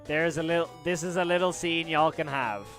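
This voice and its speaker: A young adult man hosting a casual livestream, excitable and openly emotional as he talks to viewers. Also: fairly high pitch, fairly quick, faint music behind. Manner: excitable, then hushed and emotional. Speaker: livestream host.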